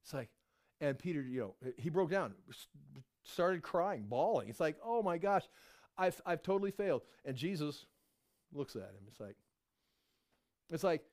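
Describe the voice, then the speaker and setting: A middle-aged man preaching a sermon, telling Bible stories with lively acted-out voices. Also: a little high. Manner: animated storytelling, acts out voices of biblical figures. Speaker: pastor.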